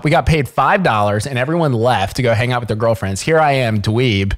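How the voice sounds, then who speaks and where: A man's voice: medium pitch, normal speed, few pauses. A man in his twenties co-hosting a podcast, joking and bantering playfully with a swaggering tone. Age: 20s. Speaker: podcast co-host. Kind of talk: casual podcast chat.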